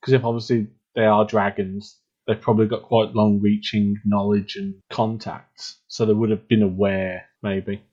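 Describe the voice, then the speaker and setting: Man, tabletop player, husky voice, blunt jokes, lo-fi recording. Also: lowish voice, little pitch movement, moderate pace, mellow. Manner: joking, blunt. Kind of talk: casual chat at a game table.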